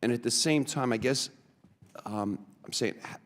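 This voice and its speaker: A man from New York, a congressman, asking witnesses questions at a committee hearing, halting with many fillers. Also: mid-range voice. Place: large hearing room. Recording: long hall reverb.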